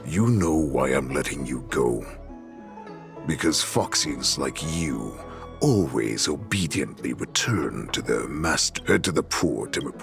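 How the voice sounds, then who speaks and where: An actor playing a menacing male Borisin captor who talks slowly and threateningly in a gravelly voice. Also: very deep voice, animated, heavily acted. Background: game music.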